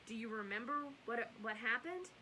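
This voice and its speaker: A woman's voice: fairly high pitch, lively intonation, normal speed, pushed and bright, a little hiss or hum, low-quality recording. A middle-aged woman hosting bedtime Bible stories, chatty and rambling, with asides and self-corrections. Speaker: storyteller and host.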